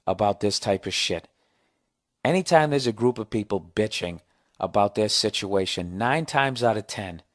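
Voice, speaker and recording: A middle-aged man at home, telling a bar story in a profane, sarcastic, animated rant as a podcast host. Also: medium pitch. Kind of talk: ranting storytelling.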